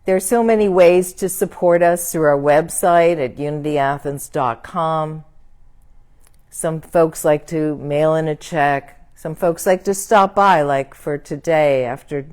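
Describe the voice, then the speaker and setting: Slow, low-voiced woman minister in prayer. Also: a little mellow. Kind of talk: church service closing and prayer.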